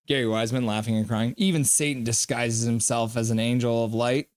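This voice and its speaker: Man, stream host, smooth clear voice, reads chat aloud playfully. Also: mid-range voice, steady tone. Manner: playful, reads viewer comments aloud in quick bursts. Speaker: livestream host. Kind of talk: reading chat on a live stream.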